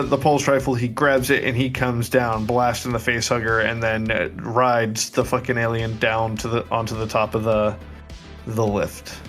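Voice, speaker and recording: A man's voice: medium pitch, fairly bright tone. A man co-hosting a podcast, chiming in on a movie recap in a laid-back, profane way. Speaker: podcast co-host. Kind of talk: casual movie recap chat.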